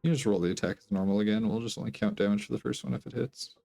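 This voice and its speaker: A man's voice: fairly low pitch, racing, creaky, mellow. A man acting as game master in a casual tabletop game, explaining rules and narrating scenes plainly.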